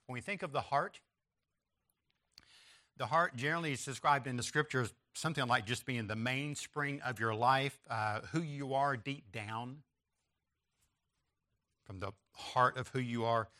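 A man delivering a sermon in a bright, forward voice of middle pitch. He drives points home through repetition, rising on each repeated phrase and dropping at its close. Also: a little slow, long pauses. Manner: emphatic repetition with rising stress on key phrases; references an outline and slides to listeners. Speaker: preacher.

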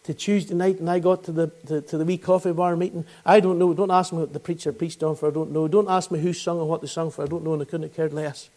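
Northern Irish male preacher, 60s, high-pitched, earnest and fervent gospel storyteller. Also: steady tone, fast talker, hardly any pauses, dark tone. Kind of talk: gospel sermon testimony.

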